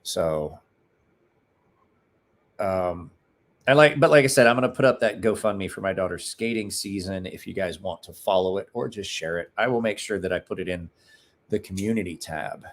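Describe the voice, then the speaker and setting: A man's voice: low-pitched, normal speed. A man hosting a casual livestream, rambling, joking and swearing as he answers his chat. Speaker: livestream host.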